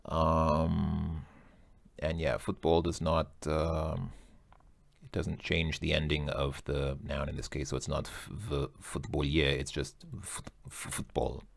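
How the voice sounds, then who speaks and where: A man's voice: a bass voice, creaky, no room sound. A man working through a language test aloud in a casual recorded lesson, hesitant and correcting himself as he goes.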